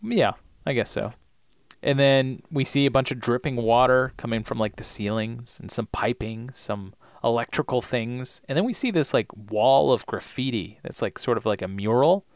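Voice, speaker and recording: A man's voice: medium pitch, moderate pace, dry recording, studio quality. A man co-hosting a podcast, casually retelling a TV episode in a loose, rambling way. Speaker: podcast co-host.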